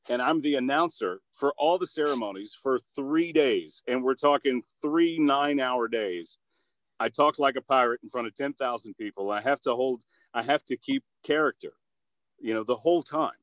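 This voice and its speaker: A man's voice: mid-range voice, moderate pace, fairly bright tone, dry recording. An upbeat, goofy man talks about his voice-acting work in a casual interview. He stumbles through restarts and fillers with easy energy. His voice sits in a middle register on a dry, close recording. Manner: upbeat and goofy, with many fillers and repeated starts. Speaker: voice actor and commercial producer.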